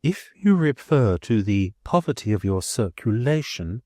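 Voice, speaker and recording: A man's voice: on the low side, sing-song, mellow, dry recording, studio quality. A man doing a prim old schoolmistress. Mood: stiff. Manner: formal, measured, stiffly polite. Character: prim, genteel older female schoolmistress.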